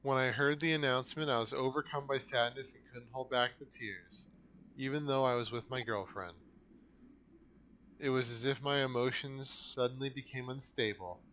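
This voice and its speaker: A man's voice: mid-range voice, steady tone, moderate pace, sharp tone, a little hiss or hum, natural voice. A man voicing an embarrassed, defensive adult male aquarium visitor in a game, over game music. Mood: sheepish. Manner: defensive, sheepish.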